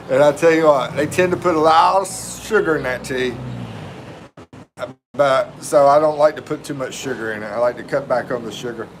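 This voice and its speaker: A man's voice: mid-range voice, animated, moderate pace, pauses often, slight background noise. A middle-aged man from North Carolina, hosting a casual live stream and greeting viewers by name in a laid-back, chatty way.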